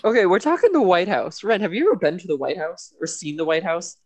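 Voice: medium pitch, big pitch swings, fast, darkish tone. A podcast co-host recapping a TV episode in casual chat, laughing often. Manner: laughs often, loose and chatty.

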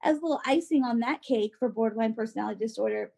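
A woman co-hosting a podcast in casual chat, animated and filler-heavy, acting out quoted voices. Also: on the high side, fast, gravelly, breathy edge. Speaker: podcast co-host.

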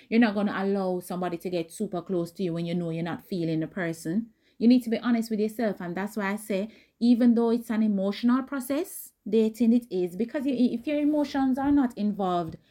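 A woman hosting a dating advice talk, speaking directly and emphatically in a casual way, with a voice that is not high or squeaky. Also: warm tone. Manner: direct, emphatic, conversational with quoted asides.

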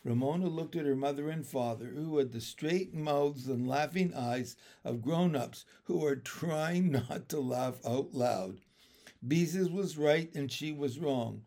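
A man reading a children's chapter book aloud, his voice on the higher side for a man. He tells the story expressively, with lively, animated delivery. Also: measured pace. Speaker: reader.

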